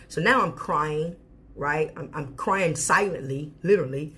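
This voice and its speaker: A woman's voice: deep voice, a little slow, fairly bright tone. Woman vlogger, candid storytime rant, emphatic and profane, faint hiss. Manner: candid, emphatic, swears freely. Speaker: storyteller recounting her marriage.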